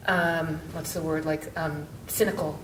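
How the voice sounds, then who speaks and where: A middle-aged woman author telling a story on a panel, halting, with many restarts and fillers. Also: fairly even intonation, a bit bright. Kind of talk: conversational storytelling. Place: book event room, indoors. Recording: echoey room, mic far off, faint rumble.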